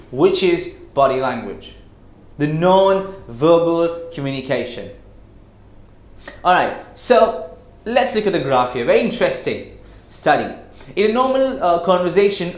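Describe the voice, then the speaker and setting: A man giving a lesson on communication skills, who slows down to stress his words and keeps asking the listener rhetorical questions. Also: on the high side. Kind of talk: classroom-style lecture. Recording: echoey room.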